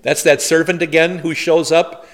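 A man's voice: a little high, little pitch movement, moderate pace. A man, a pastor, leading a Bible study in a conversational way, telling stories with humorous asides and rhetorical questions.

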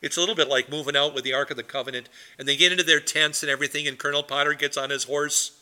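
A middle-aged man, a pastor, leading a Bible study in an animated, rambling storytelling way. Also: a little high, very fast.

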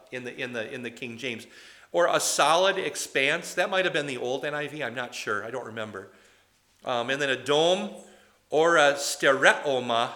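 A male preacher with a bright, forceful tone, talking through a sermon in a loose, conversational way. He wanders off on side points and keeps turning to the congregation with questions. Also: medium pitch. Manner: chatty and digressive, quizzing the congregation.

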